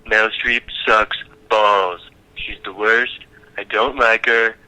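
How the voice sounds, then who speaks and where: A man doing a rambling, blustering politician impression. The voice stays bright and sharp-edged, and he leans into slow, emphatic lines. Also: fairly low pitch, fairly even intonation, exaggerated voice, low-quality recording. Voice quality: rambling, nonsense-spouting.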